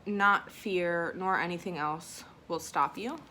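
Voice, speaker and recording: A woman's voice: fairly low pitch, takes it slowly, a little hiss or hum. A woman vlogging an unboxing at home, reading affirmation cards and talking in an emotional, self-conscious way, a bit teary from crying. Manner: emotional and self-conscious, soft and tearful at times.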